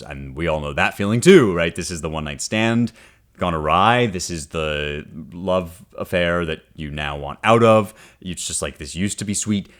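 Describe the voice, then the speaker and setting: Man, low voice, podcast host, casual teaching talk, wry, conversational. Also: moderate pace. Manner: conversational, often checks in with "right?"; wry and animated, reads passages aloud then unpacks them.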